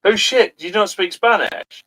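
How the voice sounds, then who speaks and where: A man's voice: sits high, animated, unhurried, sharp tone. A man co-hosting a comedy show, bantering casually with hesitant ums. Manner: hesitant, full of ums, laughs easily.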